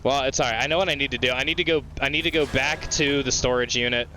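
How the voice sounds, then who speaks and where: A young man giving live gameplay commentary, excitable, swearing often and shouting at the game. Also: medium pitch, fast talker, slight background noise. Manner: mocking sing-song voice when quoting the game. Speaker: gaming streamer.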